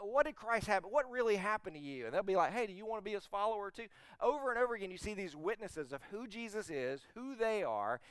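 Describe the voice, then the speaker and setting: A middle-aged man preaches with animated emphasis, often asking his listeners rhetorical questions. His voice is smooth and resonant, a little higher than most men's. The sound is dry, with no room echo. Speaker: pastor. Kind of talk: sermon.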